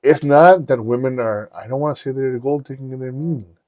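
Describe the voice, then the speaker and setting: A man on a podcast telling personal stories in a candid, profane, animated way. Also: mid-range voice, moderate pace, no room sound. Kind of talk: casual storytelling chat.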